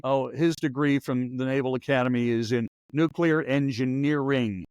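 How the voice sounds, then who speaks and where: A man's voice: medium pitch, fairly even intonation, normal speed, darkish tone, dry recording. A man in his sixties, a former radio newsman hosting a podcast, telling stories in a rambling, wry, anecdotal way. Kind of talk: casual storytelling chat.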